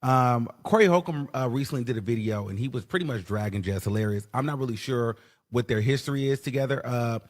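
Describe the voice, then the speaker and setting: A man's voice: medium pitch, fast. Hesitant man commenting, with long reverb. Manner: hesitant, many ums and uhs. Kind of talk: casual commentary video.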